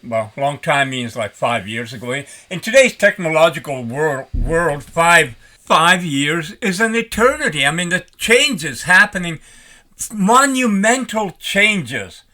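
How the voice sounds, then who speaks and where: A retired older man rambling in a folksy, animated way as he talks to his vlog audience. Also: a little high, a little slow. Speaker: vlogger. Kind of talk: casual vlog talk.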